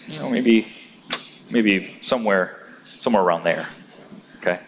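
A man preaching a sermon in an animated way, rising to loud, emphatic peaks as he drives his points home. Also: fairly low pitch, unhurried, lo-fi sound, slight background noise. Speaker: pastor. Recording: long hall reverb.

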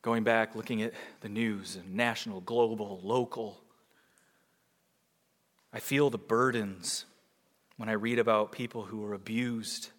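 A man preaching a sermon as pastor, swinging from loud emphatic peaks to hushed low passages. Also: fairly even intonation, measured pace, long pauses, long reverb tail.

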